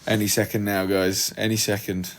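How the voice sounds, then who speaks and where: On a casual livestream from home, a podcast host with a lowish, level voice speaks at a moderate pace, with a little hiss or hum on the audio. He drifts around chattily, making jokes about himself as he multitasks and gets things sorted.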